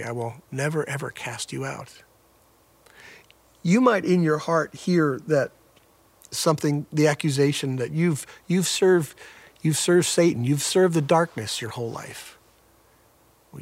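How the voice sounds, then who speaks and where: A man preaching a sermon as a pastor, earnest, with a repetitive cadence that rises and falls in intensity. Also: medium pitch.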